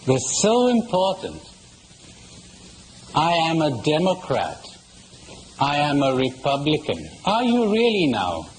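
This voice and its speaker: A priest giving a spiritual conference talk, asking probing questions and telling jokes he laughs at himself, on an old tape recording. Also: fairly high pitch. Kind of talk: spiritual lecture to an audience. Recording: old conference tape in a reverberant hall with faint hiss.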